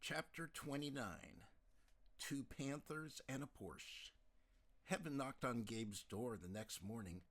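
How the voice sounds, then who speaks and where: A man narrating a novel as an audiobook, in a calm, measured storytelling manner. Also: mid-range voice.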